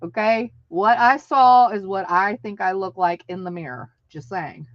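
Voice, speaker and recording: A woman's voice: mid-range voice, unhurried, no room sound. A woman in her late thirties or older, chatting casually on a live stream, laughing often and acting out what people said in her stories. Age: over 35. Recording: dull lo-fi stream audio.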